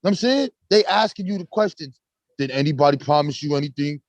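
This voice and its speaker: High-voiced animated man on a dry close mic. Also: fast, no echo, lo-fi sound. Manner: animated, profane street talk, acts out courtroom exchanges. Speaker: host. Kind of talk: casual live-stream chat.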